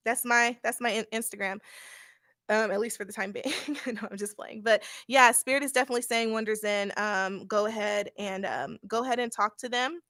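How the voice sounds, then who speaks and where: A woman's voice: fairly high pitch, brisk, fairly bright tone, no room sound, clean studio sound. A young woman giving a casual live-stream tarot reading, blunt and laughing often, with occasional swearing. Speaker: tarot reader.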